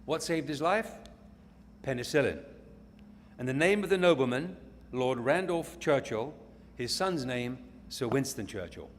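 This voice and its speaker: A man's voice: medium pitch, animated, measured pace, pauses often. A man with an English accent giving a rambling story speech to an audience at a company event, stumbling and restarting now and then. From England. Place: large event hall. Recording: echoey hall with faint noise.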